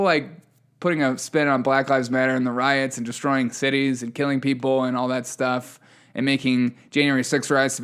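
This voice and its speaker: A man's voice: mid-range voice, fairly bright tone. Guy doing a solo news podcast, snarky ranty tone, chuckles a lot. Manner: sarcastic, ranting, laughs at the news. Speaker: podcast host.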